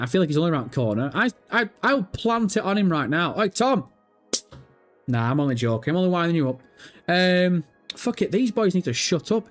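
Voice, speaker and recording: A man hosting a live gaming stream, reading viewer comments aloud and answering with profane, jokey banter. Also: high-pitched. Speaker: livestream host.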